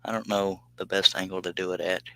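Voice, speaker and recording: A man's voice: deep voice, level tone, a little fast, bright, forceful tone, low-quality recording. A man chatting casually on a woodworking live stream, laughing often and reading viewer comments aloud. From United States. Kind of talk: casual live stream chat while working.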